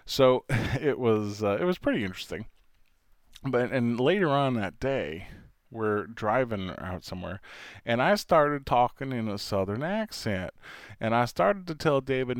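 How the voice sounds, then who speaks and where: A man's voice: medium pitch, big pitch swings, unhurried, no room sound, studio quality. A man from New York hosting a casual solo podcast, rambling and chatty and laughing often. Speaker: podcast host, father.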